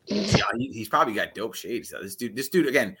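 A man co-hosting a podcast in casual chat, rambling and animated. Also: medium pitch, brisk, slightly rough. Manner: rambling, lots of restarts, animated. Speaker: podcast co-host.

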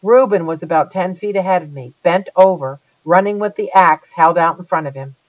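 An audiobook reader telling a first-person story with a lively, dramatic delivery. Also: medium pitch, normal speed, dry recording, highs cut off.

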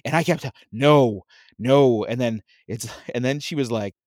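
A man's voice: mid-range voice, brisk, dry recording, studio quality. A man in his thirties casually telling a long family story, acting out his relatives and laughing often. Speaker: storyteller guest. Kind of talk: casual chat.

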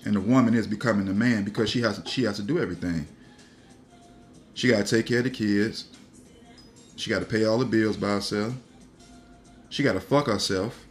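A man's voice: lowish voice, fairly quick, pauses often, soft background music. A man talking casually on a podcast, telling a story in a rambling, profane way, laughing and repeating himself.

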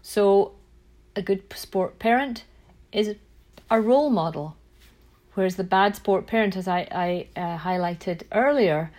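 A middle-aged woman hosting a parenting podcast, talking casually and telling stories, with a frog in her throat and the odd throat clear. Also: mid-range voice, measured pace, a little mellow. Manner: chatty, self-correcting, storytelling. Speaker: podcast host and parent coach.

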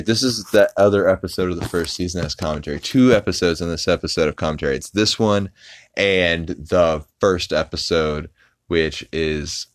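Low-voiced guy rambling a cartoon recap for his podcast, lots of ums. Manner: rambling, full of fillers and restarts. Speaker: podcast host. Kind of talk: casual episode recap.

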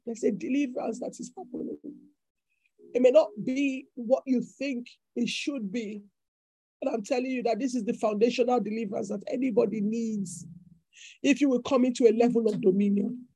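A woman's voice: fairly high pitch, normal speed, dark tone, breathy edge, dry recording, poor audio. A woman preacher delivering a fervent sermon with repeated declarations.

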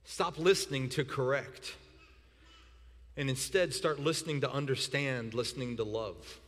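A man preaching a sermon as pastor, animated, often repeating words and breaking into shouts for emphasis. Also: medium pitch, measured pace. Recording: long reverb in a hall.

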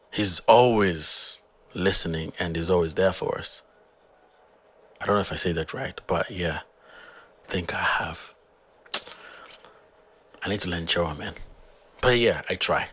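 A hoarse man from Zambia, earnestly talking through his own song in a casual, rambling way. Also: sits low, measured pace, long pauses, a bit bright. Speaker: musician.

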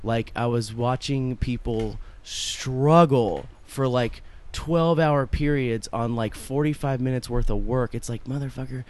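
A man's voice: medium pitch, slow pace, hardly any pauses, smooth. A man co-hosting a podcast about art, talking in a rambling, profane way with many fillers. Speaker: podcast co-host. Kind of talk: casual chat.

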